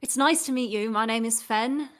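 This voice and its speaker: A woman's voice: fairly high pitch, normal speed, fairly bright tone, close to an everyday voice. A woman voicing a friendly adventurer, speaking in a reassuring way. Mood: kind.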